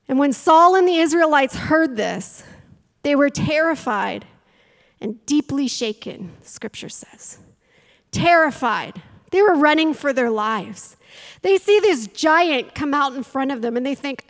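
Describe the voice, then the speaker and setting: High-voiced woman preaching in a reverberant hall. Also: a little slow. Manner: storytelling, acts out quotes, rises to fiery challenges. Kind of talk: sermon.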